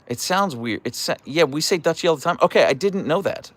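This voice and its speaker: A young man hosting a casual live stream and answering chat in a playful, animated way, with mock outrage and stammered restarts. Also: a little high, brisk, no echo. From United States. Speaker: livestream host reading chat.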